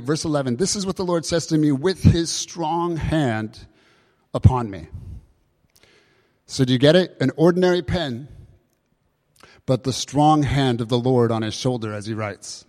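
A man preaching a sermon, explaining scripture with lively emphasis and rhetorical questions. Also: medium pitch. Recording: long hall reverb.

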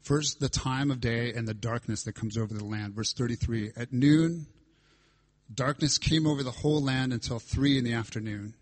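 Male preacher, husky voice, mid pitch, walks through scripture with dramatic weight. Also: brisk, few pauses. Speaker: pastor. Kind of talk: sermon.

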